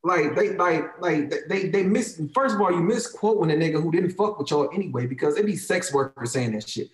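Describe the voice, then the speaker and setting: Fired up on a casual talk show, a man in his thirties speaking African American Vernacular English rants his opinions briskly and animatedly, his high voice swinging widely up and down. He curses freely and hammers his points by repeating phrases. Noticeable echo fills the room.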